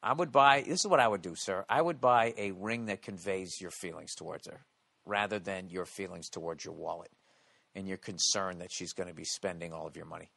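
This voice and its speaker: A man's voice: low voice, a little fast, gravelly, pushed and bright, no room sound. A man hosting a podcast, ranting bluntly and swearing constantly. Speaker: podcast host. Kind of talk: profane casual podcast rant.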